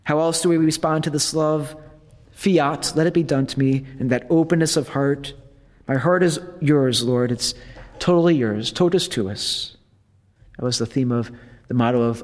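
A priest giving a retreat talk in a relaxed, conversational way, with playful asides to his listeners. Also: mid-range voice. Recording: long hall reverb.

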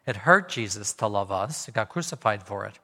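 A man's voice: on the low side, animated, fairly quick, pushed and bright. A man preaching a sermon, telling stories and acting out the voices of the people he quotes. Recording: long hall reverb.

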